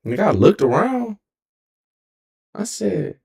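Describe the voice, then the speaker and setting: A man's voice: high-pitched, very animated, unhurried, gravelly, long pauses. A young man in his twenties with a Texan accent, telling a story as a streamer in a rambling, profane way and often correcting himself. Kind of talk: casual storytelling.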